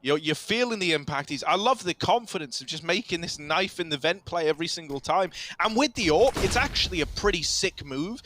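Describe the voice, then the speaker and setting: High-voiced esports caster. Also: male voice, fairly quick, hardly any pauses, a little hiss or hum. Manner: excitable, chatty, says mate. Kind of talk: live game commentary.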